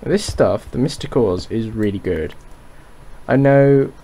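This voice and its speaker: A man's voice: mid-range voice, unhurried, dark tone. A man casually talking through his game as he plays, rambling and poking fun at himself, with a dry throat. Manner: rambling, self-mocking, thinks aloud. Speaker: gaming YouTuber. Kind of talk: Minecraft let's play commentary.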